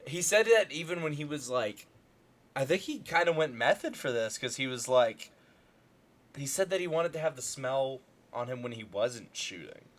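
A man's voice: medium pitch, expressive, moderate pace, a bit bright. Rambling young man in casual chat. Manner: rambling, many fillers and restarts.

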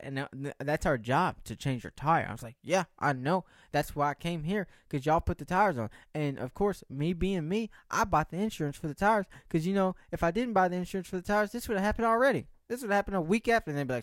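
A man's voice: fairly high pitch, animated, quick pace, dry recording, clean studio sound. A young man hosting a solo podcast, chatting in a rambling, jokey way with many restarts. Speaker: podcast host. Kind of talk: casual solo chat.

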